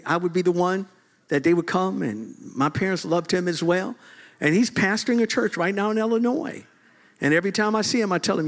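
A middle-aged man preaching a sermon, lively and joking, often laughing as he talks. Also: sits high. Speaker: pastor.

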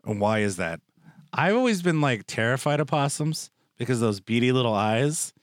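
A man's voice: mid-range voice, big pitch swings, moderate pace, no room sound, studio quality. A young man hosting a casual chat, rambling and joking with lots of filler words. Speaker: podcast host.

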